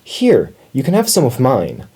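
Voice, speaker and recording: A man's voice: mid-range voice, wildly swooping pitch, unhurried, creaky, warm tone, slightly rough, pitched above the performer's own voice, exaggerated voice. A man voicing a shy, friendly schoolboy in a children's storybook who mumbles a little.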